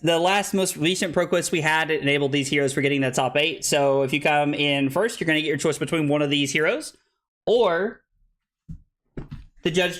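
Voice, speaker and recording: A young man hosting a live-streamed card tournament, out of breath and excitable, rambling with lots of filler words. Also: fairly high pitch. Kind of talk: casual live-stream chat.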